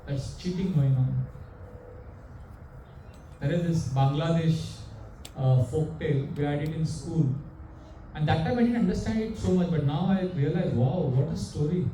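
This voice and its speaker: A man's voice: on the high side, normal speed, long pauses, a little hiss or hum. Man preaching. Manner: animated, questioning the audience. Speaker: monk preacher. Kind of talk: sermon with storytelling. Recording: echoey room, mic far off.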